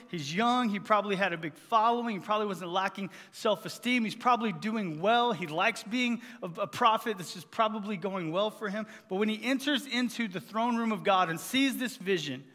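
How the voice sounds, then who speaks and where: Guy preaching a sermon, pretty high voice, lots of repeating for punch, big reverby church hall. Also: sharp tone. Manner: emphatic, repeats phrases for effect. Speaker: pastor.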